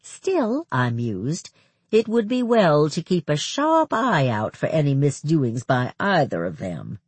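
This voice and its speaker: A narrator reading a first-person novel aloud in an expressive storytelling manner. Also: medium pitch, measured pace, breathy edge, no echo. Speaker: audiobook narrator.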